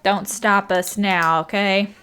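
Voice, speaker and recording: A woman's voice: medium pitch, fairly even intonation, slow, sharp tone, smooth. A young woman giving casual let's-play commentary, thinking aloud, counting tiles under her breath and apologizing as she goes. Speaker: gaming YouTuber.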